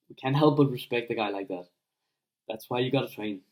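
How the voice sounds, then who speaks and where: A man's voice: mid-range voice, a little fast, rough recording. A young man giving blunt, unscripted advice to viewers, full of swearing and fillers, acting out little scenes as he talks. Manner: blunt, profane, filler-heavy, acts out scenes. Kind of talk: casual unscripted advice monologue.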